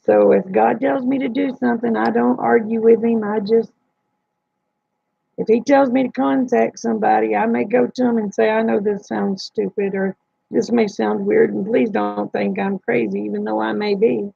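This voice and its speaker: Gravelly, husky woman telling a story. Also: a little high, fairly even intonation, dry recording. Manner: slow, plain-spoken, retells dialogue. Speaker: livestream host. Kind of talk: casual personal storytelling. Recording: dull lo-fi dry sound.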